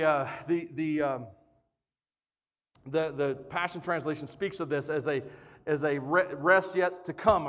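A man preaching a sermon as pastor, playful and joking, building to energetic emphasis. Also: fairly high pitch. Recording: long reverb of a large hall.

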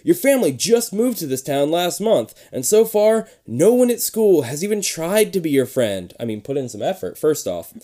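A host reading a children's spooky book aloud in a mellow, darker voice, stopping to make sarcastic jokes. The pitch swings widely from line to line. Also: sing-song, moderate pace, few pauses. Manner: sarcastic, breaks off the reading to mock the story. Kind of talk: comedic read-aloud with joking asides.

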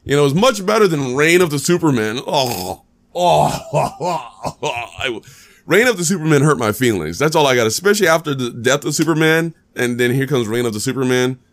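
Podcast guy rambling about a movie, kinda high voice, super animated, keeps repeating himself. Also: fast, hardly any pauses. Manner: animated, repeats himself, many restarts and fillers. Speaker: podcast host. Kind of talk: casual movie review chat.

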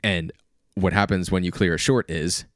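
A man's voice: low voice, fairly even intonation, moderate pace, dry recording, clean studio sound. A man co-hosting a podcast, explaining things in casual chat and often restarting his sentences. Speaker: podcast co-host.

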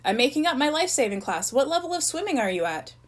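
A cheerful young swimming coach, voiced by a woman reading a storybook. He speaks brisk and bright, pitched above her narration, a breezy guy ticking names off a clipboard. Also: very animated. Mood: upbeat. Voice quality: brisk, upbeat.

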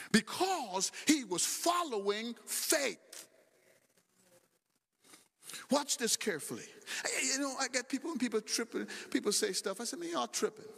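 Man, middle-aged, pastor, sermon, repeats his points, very lively pitch, long reverb of a church hall. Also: gravelly. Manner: animated preaching, repeating phrases, acting out dialogue. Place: church sanctuary.

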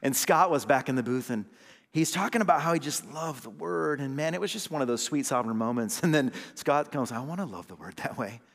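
A man, an associate pastor, preaching a sermon with call-and-response amens, swinging between loud emphatic lines and low hushed ones. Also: expressive, fairly quick, creaky, in a large hall.

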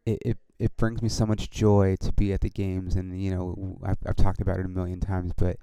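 A man's voice: low-pitched, little pitch movement, fairly quick, creaky, dark tone, clean tone, no room sound. A man hosting his own podcast, talking in a casual, rambling way with many restarts and frequent swearing. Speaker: podcast host and comedian.

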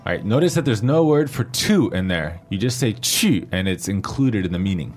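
A man leads a language lesson in a fairly low voice, slowly and patiently spelling out pinyin letter by letter. Soft music plays faintly behind him. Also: expressive. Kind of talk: explaining grammar in a lesson dialogue.

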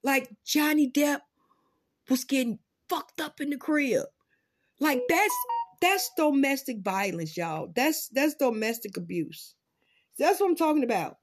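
A woman vlogging in casual commentary, profane and dramatic, swinging between loud outbursts and low muttering. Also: expressive, unhurried, soft background music. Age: adult parent.

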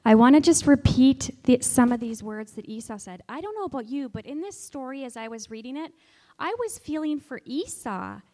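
A woman with a high voice leads a children's Bible lesson. She talks in a coaxing way and keeps asking the kids questions and inviting them to take part. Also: lively intonation, moderate pace, mellow, no room sound. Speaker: children's church teacher.

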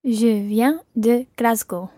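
A woman's voice: a little high, takes it slowly, mellow, dry recording, studio quality. A woman co-hosting a podcast language lesson, carefully repeating phrases after the teacher. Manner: careful repetition. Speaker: co-host learner.

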